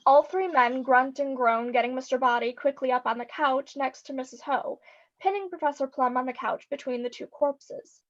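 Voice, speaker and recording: High-voiced woman reading stage directions. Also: normal speed, dull audio. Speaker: narrator.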